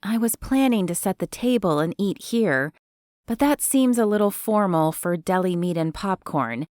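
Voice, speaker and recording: A woman's voice: medium pitch, animated, normal speed, darkish tone, dry recording, clean studio sound, lightly acted. A woman narrator voicing a sweet, easily flustered young woman in an audiobook. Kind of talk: audiobook character voice.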